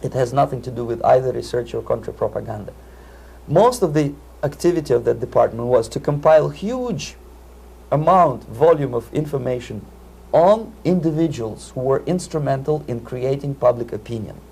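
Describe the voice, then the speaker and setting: A man's voice: medium pitch, animated, normal speed, vocal fry, warm tone, slight background noise. A middle-aged man, giving emphatic interview testimony and often repeating words as he searches for phrasing. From Soviet Union. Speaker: interview guest, former propaganda agent.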